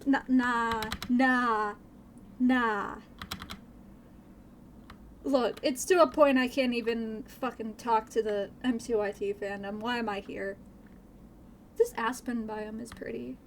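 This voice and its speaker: A woman's voice: on the high side, slow, pauses often, slight background noise. A woman streamer chatting casually while modding a game, rambling, swearing freely and laughing nervously.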